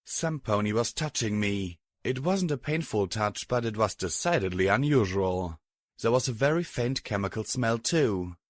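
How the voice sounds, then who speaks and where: A man narrating a fanfiction audiobook in the first person, reading at an even, steady pace. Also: fairly low pitch, normal speed, no echo, clean studio sound. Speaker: audiobook reader.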